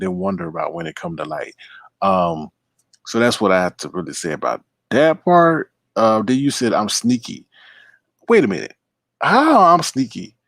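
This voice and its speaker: Chatting casually on his late-night livestream, a man with a lowish, creaky voice calls out viewers by name and drifts into side remarks. The recording is dry and studio quality.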